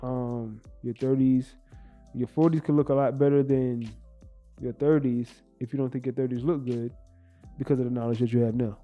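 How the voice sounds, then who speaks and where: A man co-hosting a podcast, talking in a relaxed, reflective way. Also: medium pitch, normal speed, narrow, tinny audio, soft background music. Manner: relaxed, reflective, sports-savvy. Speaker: podcast co-host. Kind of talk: casual chat.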